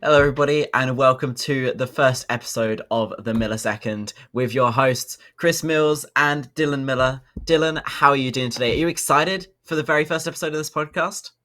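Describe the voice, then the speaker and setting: A man's voice: medium pitch, fairly quick, few pauses, fairly bright tone. A young man, co-hosting a podcast in a chatty, upbeat way with lots of fillers. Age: young adult. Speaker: podcast co-host. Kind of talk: casual podcast chat.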